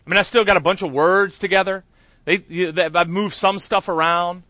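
A man's voice: high voice, fairly even intonation, moderate pace, pushed and bright, no echo. A man preaching a conversational sermon, telling a candid, self-deprecating story with chatty asides. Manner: chatty with many fillers and asides. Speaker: pastor.

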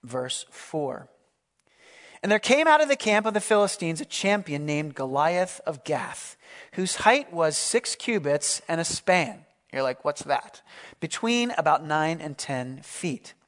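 A male pastor with a fairly high, unhurried voice preaches a sermon. He reads scripture and explains it in a relaxed, conversational way, adding asides.

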